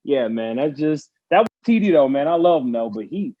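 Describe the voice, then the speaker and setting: A former pro football player telling a story in casual chat, animated and laughing as he acts out the people in it. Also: fairly high pitch, a little fast, narrow, tinny audio. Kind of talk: casual storytelling on a panel show.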